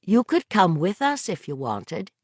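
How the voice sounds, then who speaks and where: A woman's voice: on the low side, big pitch swings, a little slow, a little mellow, husky, no echo, clean studio sound, heavily acted. Tense, controlled frustrated wife, read by a woman. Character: frustrated, restrained rural wife.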